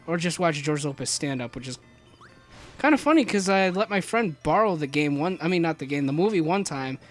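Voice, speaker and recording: A young man talks his way through a video game in a loose, rambling commentary, stumbling over his words and breaking into jokes. His voice sits somewhat high for a man. Faint game music plays underneath him. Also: brisk. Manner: rambling, joking, many restarts and fillers; jumps to high excited yelps. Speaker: let's play commentator.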